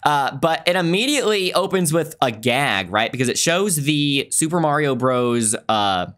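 A man's voice: on the high side, lively intonation, normal speed, a bit bright. Chatty man explaining film trivia. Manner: talkative, explains background at length. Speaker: podcast host reviewing a film. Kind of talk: casual review chat.

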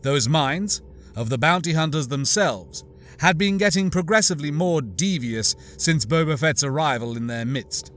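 A man narrating an audiobook in a measured, deliberate reading. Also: a little high, animated, a bit bright, soft background music.

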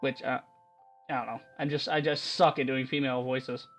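Excitable, rambling man commenting on a game. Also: mid-range voice, moderate pace, faint music behind. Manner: excitable, rambling, laughs often. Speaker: let's-play host.

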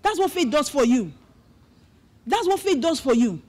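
A middle-aged woman with a Nigerian accent preaches a testimony sermon, her voice sitting notably high. She tells the story with animated flair and slips into Pidgin asides along the way. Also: moderate pace, noisy background. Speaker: pastor.

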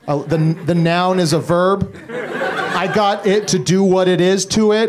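Rambling high-voiced male stand-up comic. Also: normal speed. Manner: rambling, self-deprecating, profane, stammering restarts. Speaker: stand-up comedian. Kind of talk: stand-up comedy set. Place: comedy club stage. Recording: live club recording with audience laughter. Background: audience laughing.

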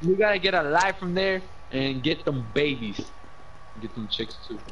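A man's voice: a little high, animated, normal speed, fairly bright tone, dull audio, a little hiss or hum. A young man joking and complaining in slangy casual chat while gaming with friends.

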